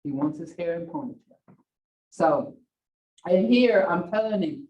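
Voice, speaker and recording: A woman's voice: on the low side, expressive, moderate pace, warm tone. An older woman teaching a language class, telling chatty stories and acting out the bossy commands she gives at home. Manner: chatty storytelling, laughs often, acts out bossy commands. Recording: distant, echoey, dull classroom audio.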